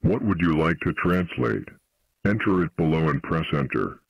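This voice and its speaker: A text-to-speech voice set to a deep giant, speaking for a bear in a coding program, with a flat computer delivery. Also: male voice, moderate pace, gravelly, no echo, lo-fi sound, full character voice. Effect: pitched-down synthetic voice.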